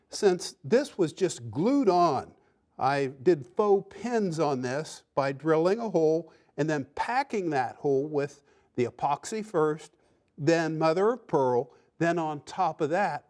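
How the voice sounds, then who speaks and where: A man's voice: fairly high pitch, lively intonation, unhurried, darkish tone. A man hosting a woodworking show, demonstrating projects in a folksy, enthusiastic way. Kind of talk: instructional demonstration.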